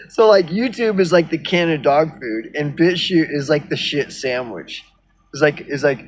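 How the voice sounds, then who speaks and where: A video blogger with a medium-pitched voice rants casually, rambling and sardonic, swearing a lot and using plenty of fillers. There's a little hiss or hum in the recording.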